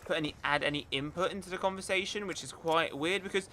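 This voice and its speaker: A young man ranting in an animated, exasperated way over gameplay as the host of his gaming channel. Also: fairly high pitch, fast, slight background noise.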